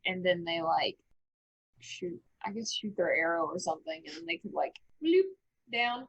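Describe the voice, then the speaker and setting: A woman's voice: on the low side, very animated, normal speed, creaky, husky, muffled recording. A woman playing a tabletop game, thinking aloud hesitantly with lots of "like". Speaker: player. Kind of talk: casual chat at a tabletop game.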